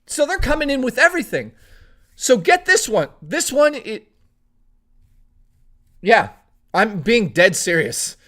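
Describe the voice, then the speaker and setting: A young man from Toronto streaming, telling a long story in a rambling, animated way, swearing freely. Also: extremely high pitch, unhurried, long pauses. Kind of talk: casual storytelling on a live stream.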